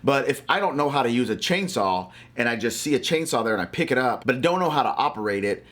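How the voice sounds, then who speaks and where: A man's voice: medium pitch, lively intonation, fast talker, fairly bright tone. A man from Louisiana giving a faith-based finance talk to camera, emphatic and motivational like a preacher.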